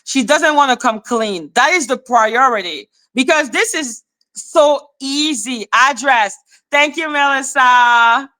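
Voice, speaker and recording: A blunt Canadian woman rants on her livestream, greeting chat viewers between bouts of profanity. Her high voice is animated, bright and forceful, though her pace stays measured.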